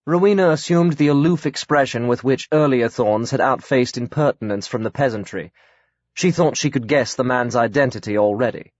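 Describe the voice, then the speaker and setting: Guy narrating an audiobook, calm even read, dry slightly muffled. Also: medium pitch, normal speed, no echo. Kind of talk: scripted narration.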